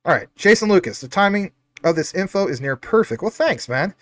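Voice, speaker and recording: A man's voice: high voice, sing-song, brisk, a bit bright, no echo. A man hosting a casual livestream, reading out chat comments in an upbeat, chatty, jokey way. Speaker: livestream host.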